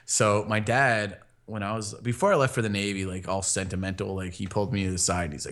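A young man casually telling a funny anecdote, laughing often, rambling with fillers, and jumping into animated voices when he quotes people. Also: on the low side, fast talker, hardly any pauses.

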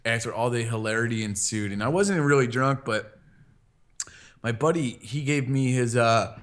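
A young man casually telling a funny anecdote, laughing often, rambling with fillers, and jumping into animated voices when he quotes people. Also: medium pitch, measured pace, pauses often.

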